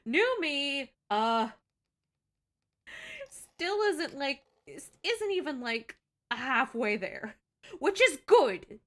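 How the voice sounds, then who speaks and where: A woman's voice: sits high, sing-song, extremely slow, a bit bright. A young woman streamer chatting casually, self-deprecating and swearing freely.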